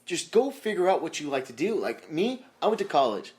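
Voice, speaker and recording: A man's voice: fairly high pitch, big pitch swings, a little fast, a little mellow. A young adult man, co-hosting a podcast, chatting casually and telling a story with quoted voices and some swearing. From US desert region. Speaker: podcast host. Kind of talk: casual chat.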